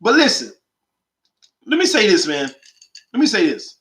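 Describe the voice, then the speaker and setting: A man's voice: high-pitched, wildly swooping pitch, moderate pace, fairly bright tone, reverberant. A man hosting a call-in sports show, delivering an emphatic, slangy monologue full of rhetorical questions. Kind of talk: animated opinionated monologue.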